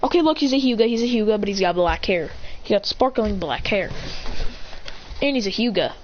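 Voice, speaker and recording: A woman's voice: medium pitch, animated, fairly quick. Rambling woman improvising a fan story. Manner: rambling, self-correcting, adds vocal sound effects. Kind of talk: improvised fan-fiction narration. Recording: slightly muffled, faint hiss.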